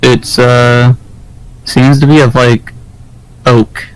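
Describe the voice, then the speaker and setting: A man running a tabletop game as game master, narrating in a halting way with many fillers. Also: mid-range voice, level tone, clear, resonant tone, poor audio. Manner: hesitant, filler-heavy improvised narration.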